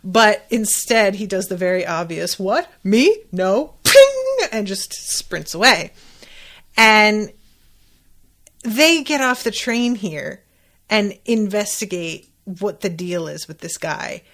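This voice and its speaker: A woman's voice: mid-range voice, slow pace. A woman hosting a podcast, recapping an episode in casual, chatty talk and acting out quoted lines as she goes. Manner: chatty, animated retelling with quoted asides. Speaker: podcast host. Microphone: desk microphone.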